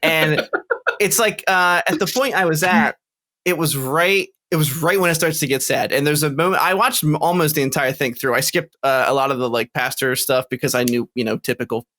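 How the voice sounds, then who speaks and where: A man on a podcast, telling a rambling story with plenty of swearing. His voice is bright and a bit higher than most men's. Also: fairly quick. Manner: rambling, profane, self-correcting. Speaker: podcast co-host. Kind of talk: casual storytelling chat.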